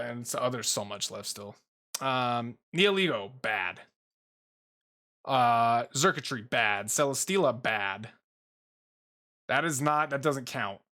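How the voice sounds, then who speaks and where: A young man casually rambling through a tier list ranking, swearing freely and filling pauses with ums and uhs. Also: mid-range voice, animated, pushed and bright. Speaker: YouTuber ranking Pokemon. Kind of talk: casual commentary while making a tier list.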